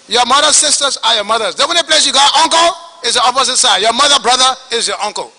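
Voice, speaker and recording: A man with a Liberian English accent testifying at a hearing, telling his story in an animated way and acting out the dialogue. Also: very high-pitched, fast talker, hardly any pauses, in a large hall, rough recording. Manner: animated, acts out quoted dialogue.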